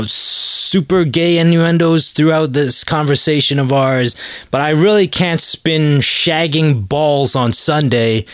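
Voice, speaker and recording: A man's voice: on the high side, dry recording, studio quality. A man hosting a comedy podcast, talking in a hesitant, rambling, awkward way full of fillers. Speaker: podcast host. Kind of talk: comedic banter.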